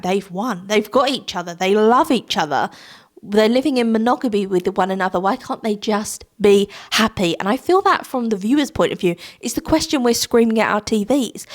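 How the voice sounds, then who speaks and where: Young woman, casual recap vlog, chatty, exasperated, rhetorical questions, mid-pitched voice. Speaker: reality TV recap vlogger. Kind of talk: casual recap chat to camera.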